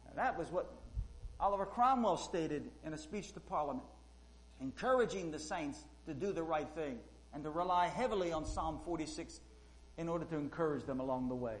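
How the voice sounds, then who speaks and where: Fervent preacher man, higher voice. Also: lively intonation, a little fast, rough recording. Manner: fervent, rises loud when quoting, many fillers. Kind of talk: sermon.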